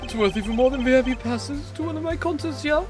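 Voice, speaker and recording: A woman's voice: high-pitched, quick pace, lightly acted. A woman voicing a flamboyant rock-star male prosecutor who teases and drops German words, reading a game script aloud. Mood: showy. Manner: showy, teasing, dropping German words. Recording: game music playing behind.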